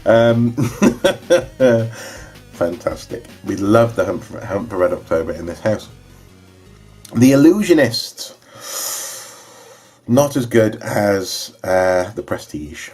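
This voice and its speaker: A young man with a low voice talks casually and enthusiastically. He rambles, filling the gaps with ums and restarts. Faint background music plays under his voice. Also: animated, slow pace, long pauses, darkish tone, slightly rough. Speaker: vlogger reviewing his DVD collection. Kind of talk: casual chat.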